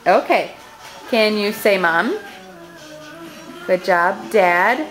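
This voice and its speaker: A woman's voice: mid-range voice, animated, extremely slow, pauses often, a bit bright, faint music behind. A mother at home patiently coaxing her toddlers to sign, repeating simple words and praising each try.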